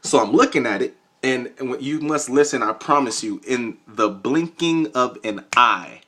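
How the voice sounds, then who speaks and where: A young man vlogging, telling a comedic story in an animated, jokey, conspiratorial way. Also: medium pitch, moderate pace. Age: young adult.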